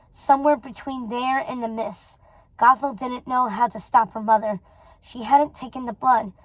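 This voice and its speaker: A woman reading a storybook chapter aloud in a steady, dramatic way. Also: fairly high pitch, dry recording, poor audio. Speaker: reader.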